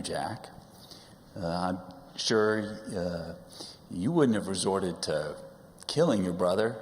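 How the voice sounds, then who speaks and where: A middle-aged father giving a speech at his son's coming-of-age service in a synagogue, full of wry teasing humor and halting pauses. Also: sits low, darkish tone. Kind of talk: personal speech at a religious service. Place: large synagogue sanctuary. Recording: long hall reverb.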